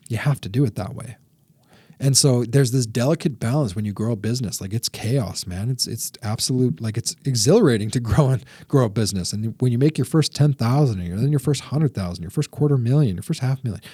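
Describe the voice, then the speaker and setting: A man's voice: mid-range voice, mellow, breathy edge, no echo, clean studio sound. A man from Canada hosting a podcast, telling a business story with lots of "like" fillers and acting out both sides of a phone call. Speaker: podcast host. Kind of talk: casual storytelling monologue.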